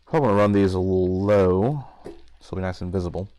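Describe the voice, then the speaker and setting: Low-ish guy mumbling to himself while putting a pc together, little clicks behind. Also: fast talker. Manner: quiet self-talk, musing aloud. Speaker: PC builder. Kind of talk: casual muttering while working.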